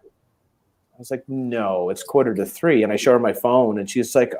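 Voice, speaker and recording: Man telling a lively anecdote. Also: medium pitch, moderate pace. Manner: animated, acts out quoted voices. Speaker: co-host. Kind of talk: casual storytelling chat.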